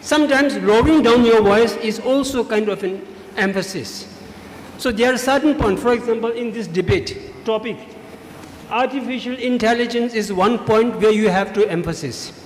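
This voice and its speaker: A high-voiced man lectures students on debating as a judge. He drives his points home with steady repetition. His voice carries through a large, echoing school hall with a long reverb tail. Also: moderate pace, slight background noise. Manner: instructive, emphatic, repeats key points. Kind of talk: feedback speech to students. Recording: echoey hall, faint ambience.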